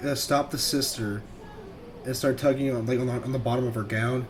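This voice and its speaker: A man's voice: medium pitch, steady tone, fairly quick, slight background noise. A man playing a tabletop game, talking casually and stammering a bit. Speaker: player.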